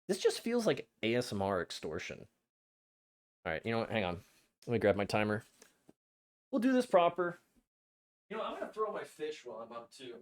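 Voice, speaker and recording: A young man streaming a game, chatting to his viewers in an excitable, flustered way with frequent stammers. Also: mid-range voice, brisk, pauses often. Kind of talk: casual live-stream chat.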